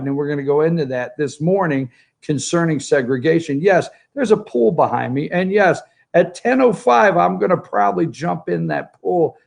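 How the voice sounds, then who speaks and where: A man hosting a political opinion show from home by a pool, remote from the studio, talking in a sarcastic, jokey and animated way. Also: on the high side, gravelly. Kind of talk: opinionated talk-show commentary.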